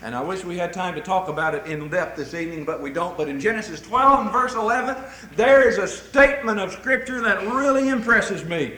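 A man preaching a sermon to a congregation, telling folksy stories in an animated way. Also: high voice, brisk, roomy sound, rough recording.

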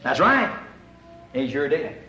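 High, lively preacher in an echoey hall. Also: male voice, takes it slowly, recorded from a distance, soft background music. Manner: animated, asks the audience rhetorical questions. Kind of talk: sermon. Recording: echoey room, voice from away from the mic.

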